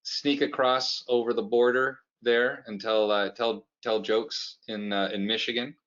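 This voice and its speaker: Animated joking man on a video call. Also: medium pitch, measured pace, muffled recording. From Canada. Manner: animated, jokey storyteller. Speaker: comedian. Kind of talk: casual interview chat.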